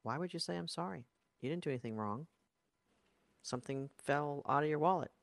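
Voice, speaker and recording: A life coach delivers a motivational talk in an emphatic, insistent way, repeating key phrases. The wording leans spiritual, about energy and the soul. The voice sits at a middling pitch and sounds dry and close. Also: brisk, no room sound.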